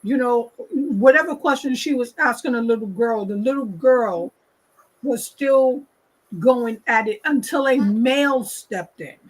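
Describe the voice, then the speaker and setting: A woman's voice: a little high, unhurried, poor audio. A woman hosting a talk show, giving her opinion in an emphatic casual way and repeating her points. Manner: emphatic, repeats points, acts out quoted people.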